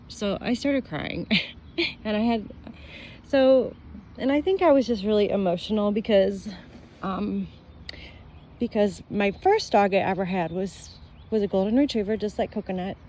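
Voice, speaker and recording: Mellow-voiced woman rambling emotionally. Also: fairly low pitch, a little hiss or hum. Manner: rambling, emotional storytelling with many fillers. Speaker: vlogger. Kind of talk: casual chat.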